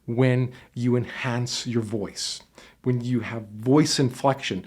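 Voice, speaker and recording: Speaking slowly at a medium pitch, a man talks to camera through a headset microphone, offering casual, conversational job interview advice. Now and then he demonstrates how voices change as he explains.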